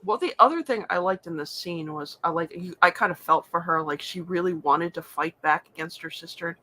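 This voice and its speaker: A woman's voice: on the low side, brisk, bright, forceful tone. A woman co-hosting a casual book club chat, laughing along and quoting characters. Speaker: co-host.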